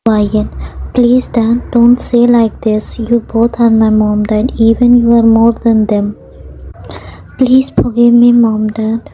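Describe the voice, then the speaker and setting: A tearful young mother begs and pleads in a storybook reading, as a woman voices her. The voice sits slightly high yet very dark and mellow. The delivery is slow and even. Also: slight background noise, rough recording. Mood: pleading.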